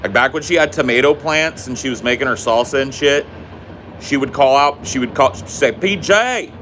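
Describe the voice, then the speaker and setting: A man's voice: medium pitch, fairly even intonation, fairly quick, a bit bright, a little hiss or hum. A man from the United States co-hosting a podcast, trading casual banter and ranting in a profane, teasing way. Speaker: podcast co-host.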